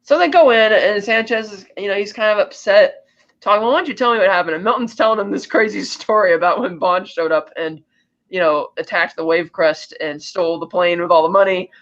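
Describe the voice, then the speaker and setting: High-voiced man retelling a film plot. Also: fairly quick. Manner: animated storytelling with frequent restarts. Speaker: podcast co-host. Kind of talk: casual plot recap. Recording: slightly muffled lo-fi audio.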